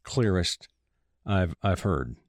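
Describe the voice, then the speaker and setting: A man's voice: low-pitched, animated, slow pace, no echo, clean studio sound. A man in his sixties hosting a music interview show, chatting casually with lots of fillers and eager praise. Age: 60s. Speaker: radio show host.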